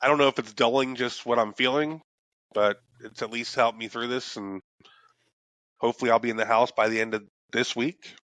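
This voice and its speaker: A man's voice: mid-range voice, steady tone, brisk, fairly bright tone, no room sound. A young adult man co-hosting a podcast, talking in a loose, rambling way, cursing freely and restarting his sentences. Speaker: podcast co-host. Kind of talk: casual chat.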